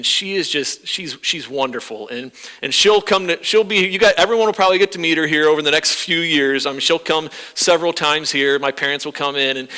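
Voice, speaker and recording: Man, pastor, sermon, animated, bright voice, echoing church hall. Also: a little high. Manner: animated, voice rising into emphatic acted-out prayers. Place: church sanctuary.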